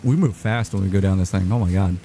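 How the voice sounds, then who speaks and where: A man streaming a game live, chatting casually in a rambling, halting way. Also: low voice, warm tone, faint music behind. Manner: rambling, halting, with many restarts and fillers.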